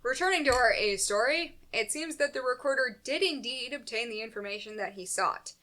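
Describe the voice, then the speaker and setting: A woman's voice: on the high side, fairly quick, bright, forceful tone, a little hiss or hum. A woman co-hosting a comics podcast, reading plot recaps with dry, sarcastic asides and frequent laughter. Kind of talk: casual comedic recap, reads summary then riffs.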